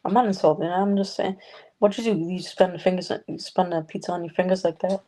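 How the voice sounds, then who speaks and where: A woman's voice: lowish voice, fairly even intonation, quick pace, mellow, poor audio. A woman hosting a loose, rambling livestream chat from her home, talking casually with viewers and swearing freely. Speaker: livestream host. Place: home room with a noisy fish tank.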